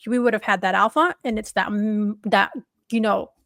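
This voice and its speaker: A woman's voice: medium pitch, fairly even intonation, normal speed, fairly bright tone, dry recording, studio quality. A woman hosting a sports podcast who talks expressively and emphatically in loose fragments. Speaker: podcast host. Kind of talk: casual sports talk.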